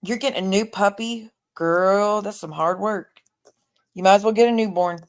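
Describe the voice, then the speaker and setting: A woman's voice: mid-range voice, moderate pace. A woman in her forties chatting casually on her livestream, reading viewer comments aloud and talking back to them. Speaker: livestream host.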